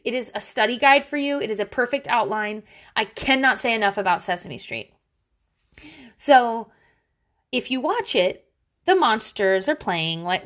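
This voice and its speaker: A woman hosting a casual parenting monologue, candid and blunt, swearing freely, with animated asides. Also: on the high side. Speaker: parenting podcast host.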